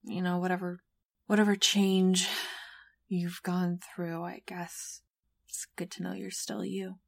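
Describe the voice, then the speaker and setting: A woman voicing a worried young female companion, speaking softly and slowly, reproachful at times. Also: fairly low pitch, level tone, gravelly, no room sound, clean studio sound.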